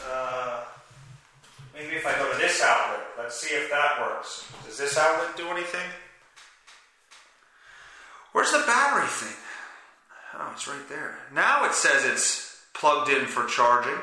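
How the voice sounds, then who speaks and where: Stuffy-nosed male podcast host, bright voice, swearing and self-mocking. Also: medium pitch, very animated, unhurried, pauses often, echoey room, slight background noise. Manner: profane, self-deprecating, rambling. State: stuffy nose. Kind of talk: casual rambling monologue.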